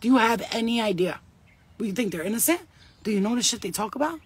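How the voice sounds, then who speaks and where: A woman's voice: a little high, expressive, quick pace, husky, no room sound. A woman in her thirties, sweaty and shaken, giving an urgent, blunt and profane talk to camera as a vlogger.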